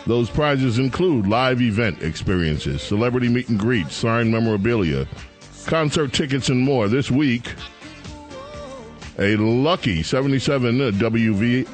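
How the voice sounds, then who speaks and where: A man's voice: mid-range voice, animated, a little slow, faint music behind. Sarcastic New talk radio man. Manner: sarcastic, mocking. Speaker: radio host.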